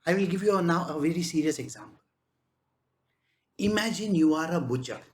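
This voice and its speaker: A woman's voice: fairly low pitch, expressive, brisk. A woman spiritual teacher giving a conversational spiritual discourse, chatting along with frequent rhetorical questions.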